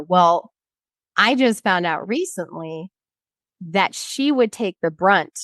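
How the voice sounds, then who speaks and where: A woman in her thirties, a guest in an interview, tells a personal story bluntly, swearing frequently and acting out what others said. Her voice is medium-pitched and slow, with no echo.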